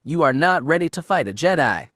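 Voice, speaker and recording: A man's voice: medium pitch, animated, brisk, dry recording, studio quality, natural voice. A man voicing a cold, hissing ancient Sith spirit. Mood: chastising. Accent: archaic. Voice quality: quiet, hissing.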